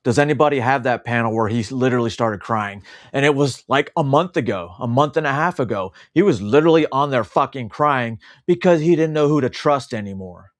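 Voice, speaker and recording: Male co-host, casual chat, sarcastic and indignant, animated intonation. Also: mid-range voice, a little fast, few pauses.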